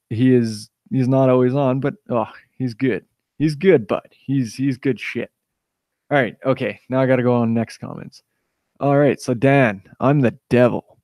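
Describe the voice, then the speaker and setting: A man's voice: mid-range voice, a little mellow, smooth, no room sound, studio quality. A young man chatting casually on a live stream, rambling and swearing as he reads out chat comments.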